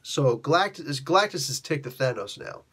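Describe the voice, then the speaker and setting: A man's voice: mid-range voice, normal speed, slightly rough. A man hosting a comic book show, casually retelling a story in laid-back slang and acting out the characters' lines. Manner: animated, acts out characters' lines. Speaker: comic book channel host.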